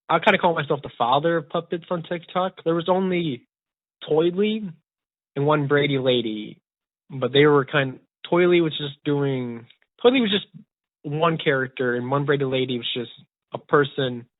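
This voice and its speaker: Young male podcast host, rambling and excited; dead, narrow phone-quality audio. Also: a little high, dry recording. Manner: rambling, eager, many restarts. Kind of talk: casual storytelling chat. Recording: tinny phone-like dry sound.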